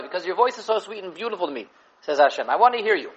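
A man giving an animated Torah class on the weekly portion, mixing Hebrew and Yiddish terms into English and repeating words as he thinks. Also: high voice, rapid-fire, breathy edge, dull audio. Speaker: Torah teacher.

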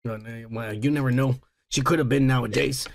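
A man's voice: mid-range voice, fairly even intonation, fairly quick, gravelly, a crowd in the background. A man co-hosting a podcast in casual chat, crude and rambling, repeating "yeah, yeah, yeah". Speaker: podcast co-host.

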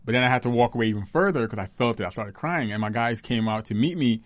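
A man's voice: mid-range voice, animated, fast, no room sound. A young man, the groom, chatting casually in a laid-back, joking, slangy way. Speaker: groom, her husband. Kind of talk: casual chat.

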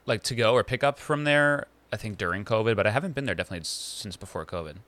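Bright, lively-voiced podcast co-host man. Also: fairly low pitch, fast, no echo. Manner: wry interjections and dry quips. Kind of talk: casual chat.

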